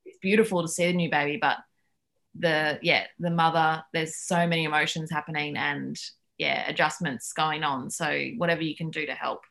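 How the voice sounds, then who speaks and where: A woman's voice: deep voice, normal speed, gravelly. A woman, a nutritionist chatting as a podcast guest and telling stories with lots of fillers. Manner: chatty, lively storytelling with many fillers. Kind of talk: casual chat.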